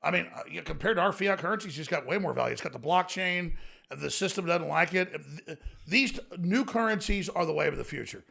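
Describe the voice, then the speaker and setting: A man rattles through rambling, profane stories as a podcast guest. His voice is heavily gravelly and fried, but it has a bright, forceful edge. He talks at a fast clip. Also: a little high, expressive. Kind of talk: casual podcast chat. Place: podcast studio.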